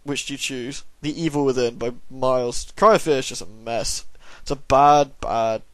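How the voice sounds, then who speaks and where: A man's voice: medium pitch, moderate pace, no echo. A tired young man casually reading out and answering viewer questions, rambling with dry, self-deprecating humour. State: tired, yawning. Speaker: YouTube gaming channel host.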